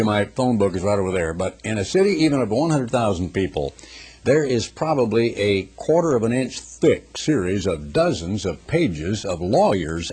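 A man's voice: fairly low pitch, breathy edge. A man preaching a conversational sermon in a folksy way, reading scripture in a raised, ringing tone and acting out the people he quotes. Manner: folksy, acts out quoted people in lively voices. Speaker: pastor.

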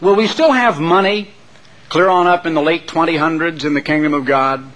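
A man preaching a sermon in an animated storytelling way. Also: on the high side, moderate pace, poor audio.

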